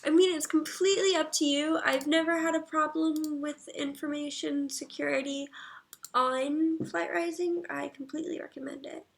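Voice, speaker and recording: A woman livestreaming, chatting casually, reading viewer comments aloud and murmuring soft asides. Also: high voice, steady tone, normal speed, creaky.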